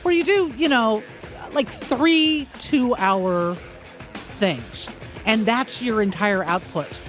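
A woman's voice: on the high side, takes it slowly. Chatty female radio co-host, faint music. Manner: chatty storyteller, lively asides. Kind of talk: casual radio chat.

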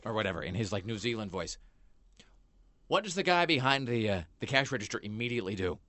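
A man's voice: on the low side, lively intonation, fast, bright, forceful tone, no echo. A man hosting a talk show, telling a rambling story with many fillers and restarts in a small studio. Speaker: podcast host. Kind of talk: casual chat.

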